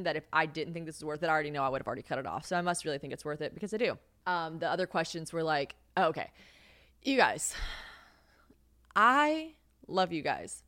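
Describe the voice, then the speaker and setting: A woman's voice: on the low side, dry recording. Candid, profane young woman podcast host. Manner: candid and profane, animated, laughs often, acts out quoted voices. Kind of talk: casual solo podcast chat.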